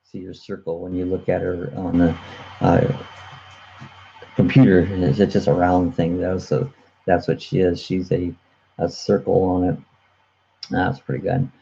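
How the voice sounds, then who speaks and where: A man's voice: low-pitched, flat delivery, unhurried, gravelly, pauses often, warm tone, muffled recording, soft background music. A man hosting a casual live chat on his own channel, rambling with lots of fillers and chuckles, recorded on a computer webcam mic. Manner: chuckling, many uh fillers and restarts. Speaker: host of a live chat show.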